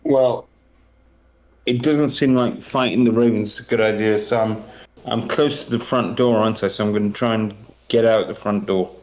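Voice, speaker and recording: A man playing a tabletop game, asking slow, tentative questions. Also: on the low side, fairly even intonation, a little mellow. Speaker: player. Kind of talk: casual tabletop game play. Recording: dull lo-fi audio.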